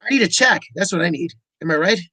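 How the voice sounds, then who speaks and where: A man in his thirties co-hosting a comedy chat show, rambling on in a flat, uninflected way. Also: high-pitched, fast, husky, no echo, low-quality recording. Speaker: co-host.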